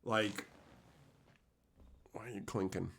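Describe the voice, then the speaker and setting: A man's voice: lowish voice, fairly even intonation, slow pace, creaky, fairly bright tone. A young man streaming and answering chat in a crude, profane, mocking way, ranting and laughing at his own jokes.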